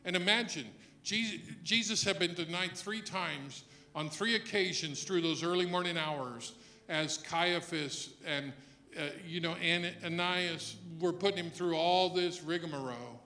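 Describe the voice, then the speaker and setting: A man preaching a sermon as pastor, moving between quiet reflection and loud emphatic passages. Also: sits high, a little slow, roomy sound.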